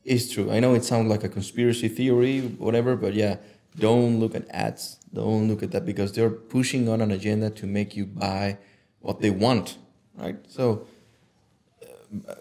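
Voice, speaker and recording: A man speaking as a guest on a podcast, talking passionately and swearing freely, getting loud and animated when he acts out what he tells himself. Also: fairly low pitch, normal speed, vocal fry. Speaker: podcast guest, image consultant. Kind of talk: casual conversation.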